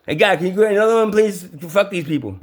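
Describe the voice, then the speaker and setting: A man's voice: sits high, animated, fast talker. A man voicing the universe as a weary, foul-mouthed dude, griping in casual slang. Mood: exasperated.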